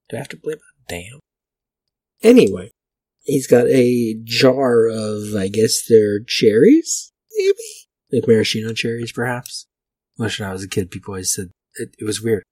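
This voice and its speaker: A man's voice: lowish voice, a little mellow, breathy edge, dry recording. A man hosting a podcast, rambling through vintage liquor ads with wry, profane asides. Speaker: podcast host. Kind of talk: casual commentary reading vintage liquor ads.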